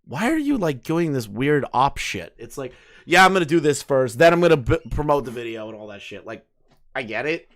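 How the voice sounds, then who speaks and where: A man's voice: mid-range voice, very animated, brisk, a bit bright. A man in his late twenties hosting casual commentary, reading messages aloud and mocking them with incredulous, profane asides. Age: late 20s. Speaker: commentary host.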